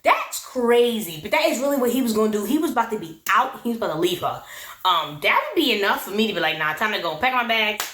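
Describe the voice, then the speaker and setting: A woman's voice: fairly high pitch, expressive, fast talker, fairly bright tone. A woman giving a casual, sassy recap of a reality show, laughing often. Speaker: recap vlogger. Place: her room. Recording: echoey room.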